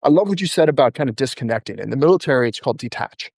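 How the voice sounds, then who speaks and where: A man's voice: medium pitch, lively intonation, vocal fry, a little mellow, no room sound, studio quality. A man hosting a podcast, blunt and joking as he talks through ideas with his guest. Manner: blunt, joking, fast-talking. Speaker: podcast host. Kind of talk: conversational interview.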